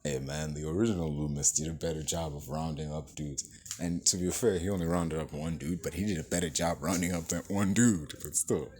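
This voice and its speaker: A man with a very deep voice reviews a movie casually, swearing through an animated, exasperated rant and performing the characters' lines himself. He talks a little fast, and there's a faint hiss or hum underneath.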